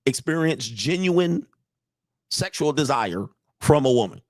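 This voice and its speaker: A man's voice: a little high, expressive, measured pace, a little mellow, no echo, studio quality. A man coaching on dating in a casual livestream monologue, blunt and profane, repeating himself and challenging his audience to disagree. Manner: blunt, profane, repetitive, asks the audience for agreement. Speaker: dating and relationship coach streaming live.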